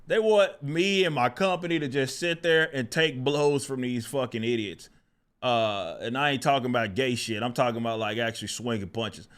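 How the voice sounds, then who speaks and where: A man's voice: mid-range voice, normal speed, a bit bright. A man hosting his own channel, venting in casual, profane, exasperated commentary and often breaking into laughter. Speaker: channel host.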